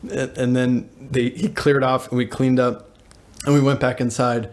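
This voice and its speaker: A man's voice: mid-range voice, little pitch movement, moderate pace. A young man co-hosting a podcast, telling a rambling story in casual chat and laughing as he goes. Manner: rambling, laughing, acts out voices in anecdotes. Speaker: podcast co-host.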